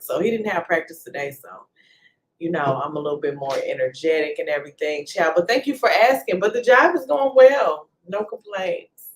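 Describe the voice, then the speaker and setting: A woman's voice: fairly low pitch, expressive, moderate pace, low-quality recording. A woman from Texas with a Texan accent hosting a casual livestream from home, chatting and greeting viewers by name with playful slang. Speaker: livestream host.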